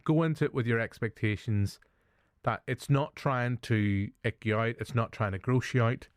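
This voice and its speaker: A man's voice: mid-range voice, moderate pace, no echo. Northern irish guy reviewing films, jokey, swears a lot, dry close mic. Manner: jokey, laughs often, swears casually. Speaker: podcast host, film reviewer. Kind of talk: casual chat.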